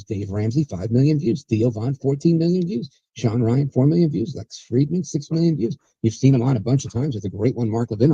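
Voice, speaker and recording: A man's voice: mid-range voice, mellow, slightly rough, no echo, lo-fi sound. A man hosting a political talk show, chatty and sarcastic, rambling with restarts. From USA. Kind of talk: casual political commentary.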